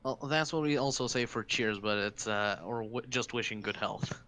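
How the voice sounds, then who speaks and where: A man's voice: medium pitch, normal speed, bright, forceful tone, clear, resonant tone. A man from Bulgaria, a podcast guest who explains things in a matter-of-fact way. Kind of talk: casual chat.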